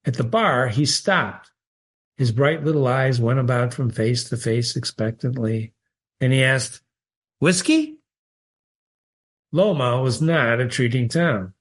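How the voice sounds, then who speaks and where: A man reads a short story aloud in an expressive way, with his pitch rising on key words. His voice sits at a middle pitch. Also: a little slow. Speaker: reader.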